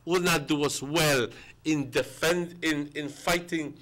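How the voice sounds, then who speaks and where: Male guest, pitched a bit high, punchy and insistent, hammers each point. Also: fairly even intonation, slow pace, a bit bright. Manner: emphatic, repeats words for stress. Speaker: guest commentator. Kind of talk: morning show discussion.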